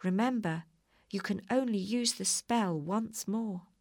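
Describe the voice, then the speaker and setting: A woman's voice: mid-range voice, unhurried, a little mellow, no echo, studio quality, close to an everyday voice. A woman voicing a band of flying monkeys in a storybook reading, firm and matter-of-fact.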